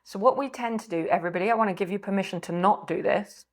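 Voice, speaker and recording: A woman coach gently guiding a calming practice, sighing often, her throat a bit scratchy. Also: medium pitch, quick pace. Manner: gentle, permissive guiding with frequent sighs. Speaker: recovery coach. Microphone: desk mic on a video call.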